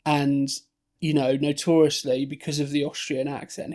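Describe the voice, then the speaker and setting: A man co-hosting a film podcast, rambling along in relaxed chat. His voice sits a touch high and has a gravelly, fry-heavy edge. He keeps circling back with fillers and restarts. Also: moderate pace. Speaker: podcast co-host. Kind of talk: casual film discussion.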